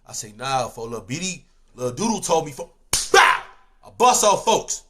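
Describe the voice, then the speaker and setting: A young man telling a street story in casual slang, swinging between loud outbursts and low mumbles. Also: very animated, normal speed.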